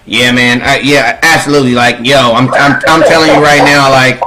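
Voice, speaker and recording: A man's voice: medium pitch, steady tone, moderate pace, heavy background noise. A man co-hosting a sports talk show, rambling casually with lots of fillers.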